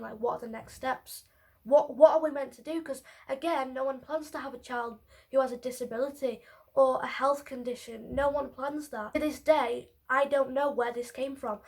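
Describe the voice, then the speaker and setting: A woman's voice: high voice, vocal fry. A woman vlogging, telling a personal story to camera in a candid, emotional way with casual swearing.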